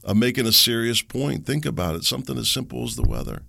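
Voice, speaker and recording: Gravelly-voiced middle-aged man ranting. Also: mid-range voice, fast, bright, forceful tone, dry recording, clean studio sound. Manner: rambling, sarcastic ranting with chuckles. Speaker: podcast host. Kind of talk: solo podcast monologue.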